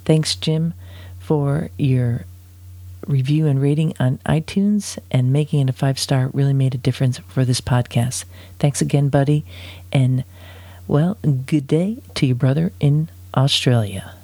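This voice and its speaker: A man's voice: on the high side, mellow, dry recording. A man hosting a podcast, talking in an upbeat, chatty, rambling way while introducing a guest. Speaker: podcast host.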